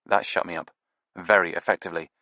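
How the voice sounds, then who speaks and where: A man's voice: low-pitched, fairly even intonation, fast, bright, forceful tone, dry recording. A man narrating a mystery audiobook in the first person, in a wry, understated manner.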